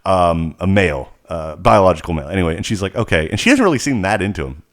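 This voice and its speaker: A man co-hosting a podcast, telling a rambling, animated story in casual chat. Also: deep voice, fast talker. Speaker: podcast co-host.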